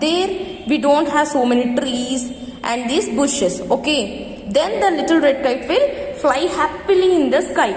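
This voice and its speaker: Encouraging young girl, voiced by a woman teacher, high and roomy. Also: normal speed, a little mellow, natural voice. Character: helpful young girl, big sister type.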